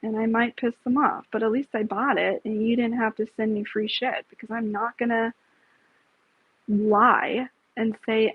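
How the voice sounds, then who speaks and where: A woman's voice: fairly high pitch, fairly even intonation, moderate pace, slightly rough. A woman hosting a casual live stream, talking bluntly, with frequent swearing and rambling asides. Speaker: livestream host. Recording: tinny phone-like, dry sound.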